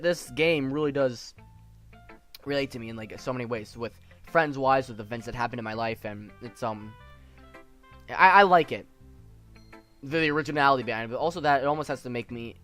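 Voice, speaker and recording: Earnest teenage boy streamer, bright voice. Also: mid-range voice. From United States. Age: teens. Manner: earnest, halting, many fillers and restarts. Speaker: gaming streamer. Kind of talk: let's play commentary.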